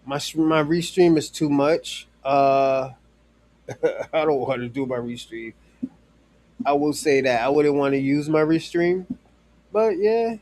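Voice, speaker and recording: A man's voice: fairly high pitch, unhurried, pauses often, darkish tone, dry recording. A man chatting casually on a live stream, rambling with many fillers and restarts, swearing freely and talking straight to a viewer in chat.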